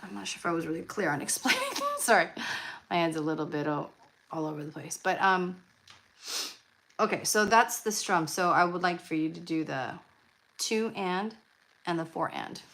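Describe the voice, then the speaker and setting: A woman's voice: fairly low pitch, a little fast, gravelly, a bit bright, low-quality recording. A woman leading a live-streamed ukulele lesson, chatty with fillers and restarts, often counting beats aloud. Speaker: ukulele club leader. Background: ukulele playing.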